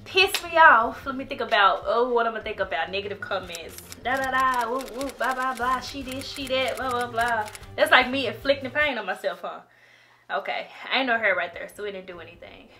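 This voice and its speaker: A woman's voice: a little high, a little fast, sharp tone, a little hiss or hum. A woman talking casually in a home vlog, dramatic and laughing, often crying out that she is scared. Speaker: vlogger.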